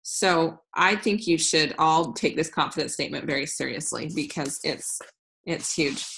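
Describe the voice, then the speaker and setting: A woman's voice: low-pitched, normal speed, creaky, a bit bright. A woman in her thirties giving a casual, upbeat business training talk, frank and full of restarts. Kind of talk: casual training talk over screen share.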